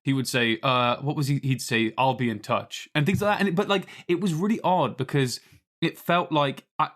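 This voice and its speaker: A man co-hosting a film podcast in casual, animated chat, laughing often. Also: on the high side, brisk. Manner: chatty, animated, laughs often, does voices. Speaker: podcast co-host.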